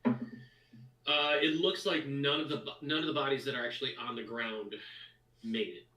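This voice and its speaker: A man narrating a tabletop game as dungeon master in a casual, halting way. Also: medium pitch, fairly even intonation, sharp tone, echoey room, distant mic, low-quality recording.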